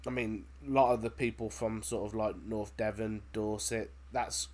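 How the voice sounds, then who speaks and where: A man, co-hosting a podcast, talking in a relaxed, rambling way. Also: fairly low pitch, moderate pace. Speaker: podcast co-host. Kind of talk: casual podcast chat.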